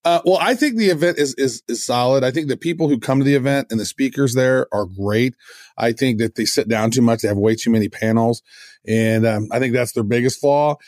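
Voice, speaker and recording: A man's voice: mid-range voice, brisk, a little mellow, dry recording, studio quality. A man co-hosting a podcast in casual chat, talking with enthusiasm, rambling and restarting his sentences. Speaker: podcast co-host.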